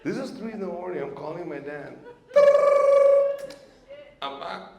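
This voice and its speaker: A man doing a stand-up comedy set, telling stories in an animated way and acting out other people's voices. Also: on the high side, unhurried, gravelly, very noisy. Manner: storytelling, animated, acts out voices of his dad and the police. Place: comedy stage before a live audience. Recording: echoey stage recording with loud audience laughter.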